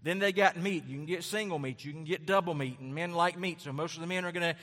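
A man's voice: fairly high pitch, fast, a bit bright. A man preaching a sermon as pastor, emphatic and repetitive, with rhetorical questions. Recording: long hall reverb.

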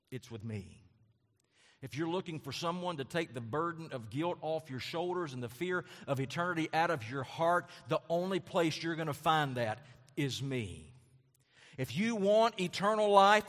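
Male pastor, emphatic sermon delivery, fairly high voice, long hall reverb. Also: fairly bright tone. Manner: emphatic, repetitive preaching with rhetorical questions.

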